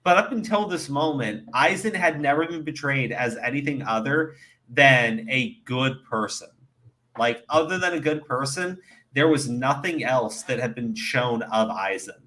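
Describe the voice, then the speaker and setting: A young man chatting casually on his stream, telling stories with lots of swearing and growing excitement. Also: medium pitch, measured pace. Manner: profane, excitable, animated storytelling. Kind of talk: casual chat.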